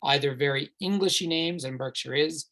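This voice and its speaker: A man's voice: a little high, moderate pace. A man who guides tours, answering viewer questions live in a chatty, rambling way with many fillers and restarts. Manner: enthusiastic, recommends warmly. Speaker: tour guide hosting a virtual tour.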